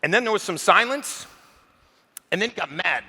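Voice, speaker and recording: A man giving a keynote speech on a conference stage, telling a story with lively acted-out quotes. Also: sits high, normal speed, slightly rough. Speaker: keynote speaker. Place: conference stage, large hall. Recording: long reverb of a large hall.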